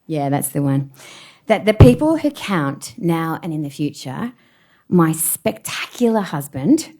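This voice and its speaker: A woman's voice: low-pitched, a little slow. A woman in her forties giving a public talk from a stage, telling self-deprecating personal stories with plenty of laughter. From Australia. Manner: animated storyteller, self-deprecating, laughs often. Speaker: keynote speaker.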